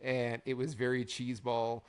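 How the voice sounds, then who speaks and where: A man's voice: mid-range voice, completely flat delivery, normal speed, clear, resonant tone. A man co-hosting a wrestling recap podcast in casual chat, wry and rambling, often quoting others in a mock-dramatic way. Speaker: podcast co-host.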